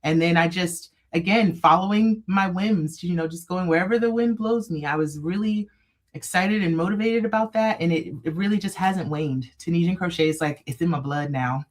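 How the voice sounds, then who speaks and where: Low-pitched woman guest, animated storyteller, leans on "like" constantly. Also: normal speed. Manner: animated, gushing, heavy "like" filler. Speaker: guest crochet designer. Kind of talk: casual live-stream interview storytelling.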